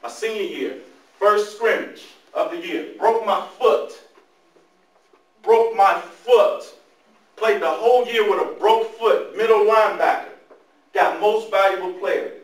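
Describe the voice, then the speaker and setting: Lively man speaking to youth in an echoey room. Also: high-pitched, normal speed. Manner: animated storytelling, talks to the audience. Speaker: motivational speaker. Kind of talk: motivational talk to youth. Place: large room, speaking to a live audience. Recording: echoey room, mic far off.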